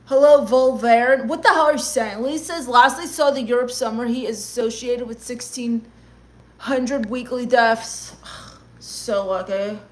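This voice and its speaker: Speaking at a measured pace in a voice on the high side, a woman streamer reads chat comments out loud. The comedian fires back at each one with a sarcastic, gloomy mock-goth rant.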